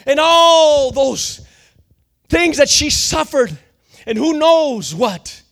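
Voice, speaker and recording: Preacher guy going off, high and gravelly, slangy, keeps restarting then shouts it out. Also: very animated, slow. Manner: fervent, builds to shouting. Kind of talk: sermon.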